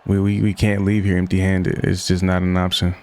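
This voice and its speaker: Young guy, kinda low voice, complaining thru his football game, gets loud at bad plays. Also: monotone, brisk. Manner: frustrated, venting, exclaims at plays. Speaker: gaming YouTuber. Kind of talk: casual gameplay commentary.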